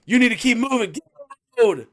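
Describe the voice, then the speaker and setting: A man putting on a gruff male street cop who barks orders at pedestrians. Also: very high-pitched, lively intonation, quick pace, fairly bright tone, voice pushed up, full character voice. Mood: barking. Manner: barking, commanding.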